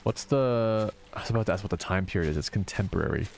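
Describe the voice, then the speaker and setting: A man in his thirties, a streamer chatting casually while gaming, soft-spoken because he is tired and low on energy. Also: fast. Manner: soft-spoken, reading and answering chat.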